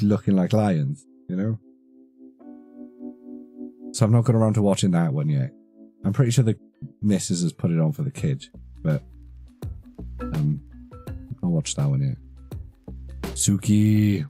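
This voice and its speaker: A man in his thirties chats on a live stream, rambling and swearing as he goes. His voice sits low and mellow, and faint music plays behind him. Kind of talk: casual live-stream chat.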